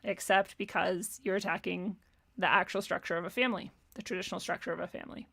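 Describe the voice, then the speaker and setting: Sarcastic, bright-voiced woman ranting. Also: mid-range voice, brisk. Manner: sarcastic, exasperated, profane, laughs often. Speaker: commentary podcast host. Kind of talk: ranting commentary.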